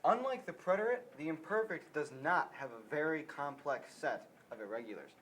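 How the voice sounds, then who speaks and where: A man's voice: fairly high pitch, expressive, moderate pace, a bit bright, a little hiss or hum, low-quality recording. Young man reading a Spanish grammar lesson. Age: teenager or young adult. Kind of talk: school lesson presentation.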